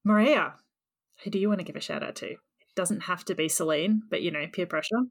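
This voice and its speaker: A woman's voice: on the low side, fairly quick, gravelly. A woman hosting a podcast in casual chat, upbeat and effusive, over a remote call. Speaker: podcast host.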